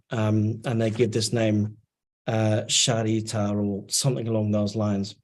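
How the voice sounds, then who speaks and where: A man's voice: fairly low pitch, little pitch movement, measured pace, darkish tone. A man who channels messages in chanted syllables and then explains them in casual chat with many fillers. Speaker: channeler guest.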